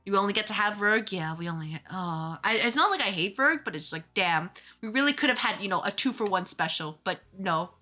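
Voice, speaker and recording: A woman streamer chatting casually while playing a game, ranting in an animated way with quick asides and restarts. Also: mid-range voice. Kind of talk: casual gaming stream chat.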